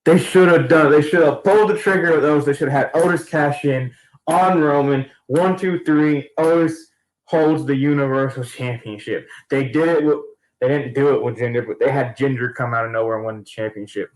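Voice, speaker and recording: A man's voice: medium pitch, fairly even intonation, moderate pace. Rambling man in an echoey room. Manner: rambling, slangy, many restarts. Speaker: wrestling fan vlogger. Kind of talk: casual event recap.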